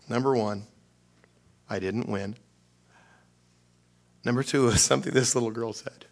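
Male preacher, storytelling sermon, acts out dialogue, mid-range voice, swings from loud to whispered. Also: medium pitch, a little slow, gravelly. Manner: animated self-mocking storytelling, acting out dialogue; drops to hushed near-whispers in prayer.

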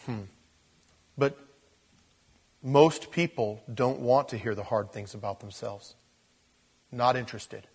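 A man, a pastor, preaching an expository sermon, swinging from loud emphasis to quiet asides. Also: mid-range voice, slow, vocal fry, pauses often, slightly rough.

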